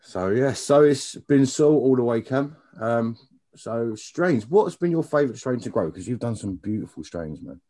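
A man's voice: medium pitch, expressive, moderate pace, dark tone. A man hosting a podcast, chatty and laughing often. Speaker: podcast host. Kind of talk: casual chat.

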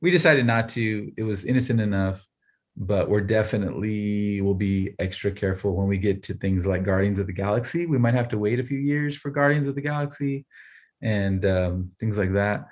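Brief: male co-host, 30s, animated storyteller, lowish voice. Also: normal speed. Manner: animated storyteller, laughs often. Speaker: podcast co-host. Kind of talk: casual chat.

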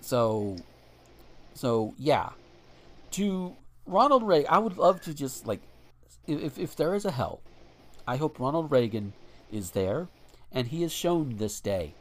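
A man's voice: medium pitch, very animated, a little slow, pauses often. A man chats on a podcast, his voice swooping up and down as he rambles. He swears freely and restarts his sentences often, moving between loose talk and reading out news. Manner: rambling and profane, with frequent restarts and fillers. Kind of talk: casual chat.

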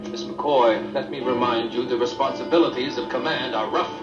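Stern ship captain, played by a man, dry and bossy, far off, echoey muffled tv sound, loud music. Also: medium pitch, steady tone, moderate pace, natural voice. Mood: commanding. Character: stern middle-aged male ship captain. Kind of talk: 1970s television sitcom acting. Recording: echoey, distant, dull TV audio with music.

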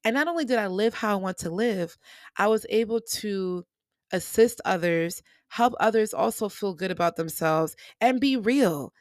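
With a mid-range voice at a moderate pace, a young adult woman chats on her podcast, recorded cleanly in a studio without echo. She's animated and talkative, offering casual motivation and calling her listeners y'all.

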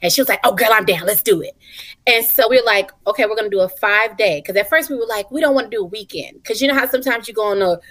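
A woman in her thirties, a mother, talking as a guest in a casual talk show, animated and emphatic with folksy endearments. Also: a little high, rapid-fire, hardly any pauses. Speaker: guest, mother and retreat organizer.

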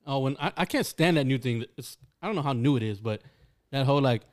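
A man's voice: medium pitch, expressive, quick pace. A man co-hosting a casual podcast, teasing the others and laughing. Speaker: podcast co-host. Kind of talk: casual chat.

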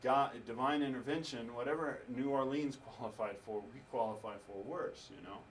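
A man preaching to a congregation, telling a story with laughter and lively asides. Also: mid-range voice, a little fast, distant mic, a little hiss or hum, low-quality recording. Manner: animated storytelling with laughter and acted quotes. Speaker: pastor. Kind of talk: sermon storytelling.

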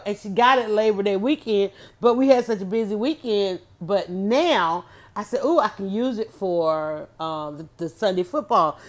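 A woman host, telling an animated story to her viewers in casual chat, laughing often. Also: mid-range voice. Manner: animated, chatty, laughs often, talks straight to her audience.

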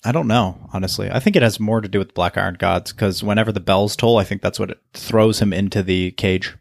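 A man's voice: fairly low pitch, fairly quick, gravelly, no room sound, clean studio sound. A man co-hosting a casual book podcast, animatedly retelling scenes and acting out the characters' lines. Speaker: podcast co-host. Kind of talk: casual book-discussion chat.

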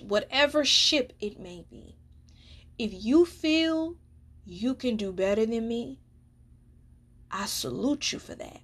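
A woman hosting a solo podcast, talking candidly and emphatically, swearing freely. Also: mid-range voice. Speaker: podcast host. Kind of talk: casual solo podcast monologue.

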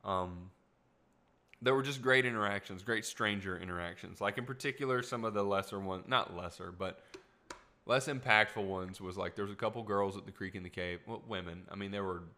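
A young man in his twenties with a fairly low voice that has a bright, forward edge. He talks in a loose, rambling storytelling style and keeps stopping to correct or restate himself. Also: fairly quick. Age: 20s. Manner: rambling, self-correcting, upbeat. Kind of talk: casual storytelling monologue.

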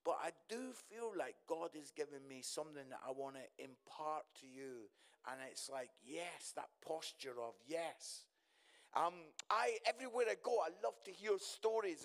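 Man preaching, middle-aged, high voice, chatty and jokey, church congregation. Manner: chatty, jokey, often tags lines with "yeah?". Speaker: guest speaker. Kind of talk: humorous sermon. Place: church service before a congregation.

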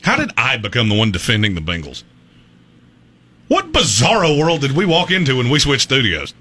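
A man's voice: mid-range voice, normal speed. A man hosting a casual sports talk show, joking and laughing as he talks. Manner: jokey, animated, laughs often. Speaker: sports radio host.

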